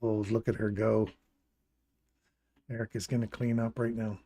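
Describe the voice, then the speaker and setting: Gravelly man calling live trades. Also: lowish voice, level tone, normal speed, dark tone. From Canada. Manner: chatty, pointing at charts and greeting viewers. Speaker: trading livestream host. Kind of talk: live trading commentary with chat.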